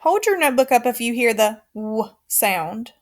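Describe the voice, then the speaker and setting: A woman teacher giving a recorded phonics lesson to young children, slow and clear, encouraging, with counted call-and-response. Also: fairly high pitch, big pitch swings.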